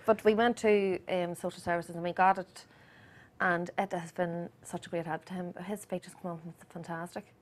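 A woman's voice: on the low side, steady tone, moderate pace. A woman, a guest mother speaking earnestly about her young son in a casual chat. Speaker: guest, mother of an autistic boy.

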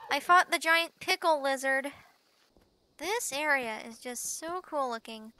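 A woman casually commenting while she plays a game, chatty and excitable, often giggling. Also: high voice, measured pace, slight background noise. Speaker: gameplay channel host. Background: game music.

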